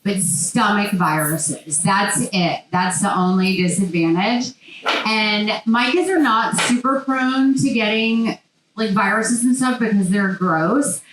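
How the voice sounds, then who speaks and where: Brief: woman, 40s, guest speaker, animated and chatty, with a faint hum behind her. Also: medium pitch. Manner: chatty, animated storytelling with many fillers. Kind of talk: speech. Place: large hall. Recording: echoey hall sound.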